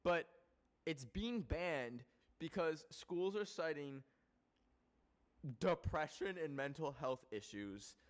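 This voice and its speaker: Man from Canada, fairly high-pitched, casual stream chat, swears a lot, rambles. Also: takes it slowly, pauses often. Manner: rambling, profane, excitable, with laughs.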